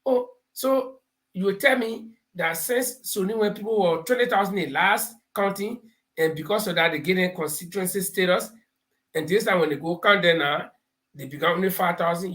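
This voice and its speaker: A man with a Liberian English accent hosts a live talk show, offering political commentary and laughing as he explains his points through homespun parables and stories. His voice sits high and a bit bright, at a normal speed.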